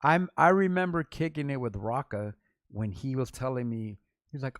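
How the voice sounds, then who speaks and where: A man's voice: mid-range voice, fairly quick, dry recording. A middle-aged man with a mid-range voice, telling loose, slangy stories and breaking into quoted voices as he goes. The sound is dry and close, with no room around it. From Los Angeles. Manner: rambling, slangy, animated storytelling with restarts and quoted voices. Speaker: vlog host, rapper. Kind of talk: casual storytelling vlog.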